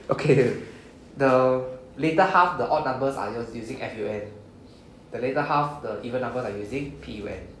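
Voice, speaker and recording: A man's voice: medium pitch, normal speed, fairly bright tone, roomy sound, a little hiss or hum, rough recording. A man with a Singaporean English accent teaching a beginner Japanese class, explaining patiently and checking in with "right?" after each point. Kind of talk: classroom lesson.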